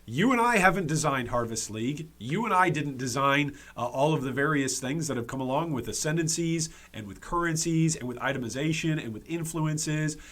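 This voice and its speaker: A man's voice: fairly high pitch, animated, moderate pace, hardly any pauses, fairly bright tone. A man hosting a gaming commentary video, speaking emphatically and repeating key points for stress, with frequent restarts and fillers.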